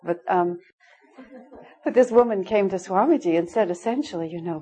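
A middle-aged woman with a medium-pitched, dark-toned voice teaches an informal spiritual class at a normal speed. She tells candid stories and laughs often, though the audio quality is poor.

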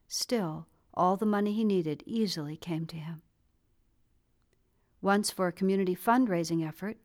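A woman narrating a spiritual memoir in a calm, even storytelling manner, reading the quoted dialogue lightly. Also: mid-range voice. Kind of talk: scripted audiobook narration.

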